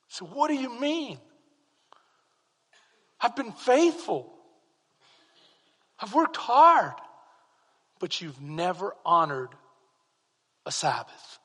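A man preaching a sermon with rising passion, at times shouting to his congregation. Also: sits high, very animated, drawn-out words, long pauses, breathy edge. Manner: impassioned preaching that rises to shouts. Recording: long reverb of a large hall.

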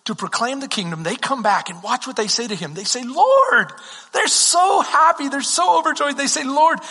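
A man's voice: extremely high pitch, animated, a little fast, pushed and bright, breathy edge, big-room sound. A Texan man preaching a sermon as pastor, talking conversationally and asking the congregation questions.

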